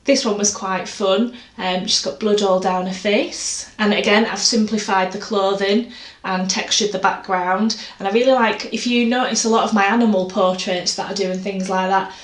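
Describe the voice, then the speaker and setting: A woman's voice: medium pitch, fairly even intonation, normal speed. A woman chatting casually about her art, rambling and self-deprecating. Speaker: artist vlogger. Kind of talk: casual chat. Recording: echoey room, faint noise.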